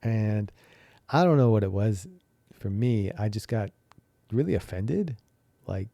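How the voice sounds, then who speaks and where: Man, young adult, podcast host, very dark mellow tone, lowish pitch, rambling candid storytelling, fillers, dry close mic. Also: expressive, measured pace, vocal fry, dry recording. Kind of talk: personal reflective storytelling.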